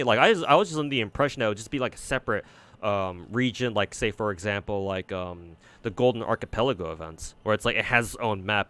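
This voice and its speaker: Male streamer with a fairly low voice; loose, sweary, rambling gameplay chatter. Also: fairly bright tone. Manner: rambling, profane, frequent fillers and restarts. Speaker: game streamer. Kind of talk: casual gameplay commentary.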